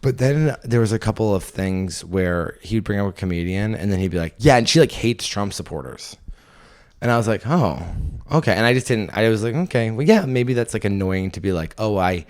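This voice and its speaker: A young man hosting a comedy podcast, telling a rambling, self-deprecating story in an animated, casual way. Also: lowish voice, a little fast, few pauses, clean tone. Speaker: podcast host and stand-up comedian.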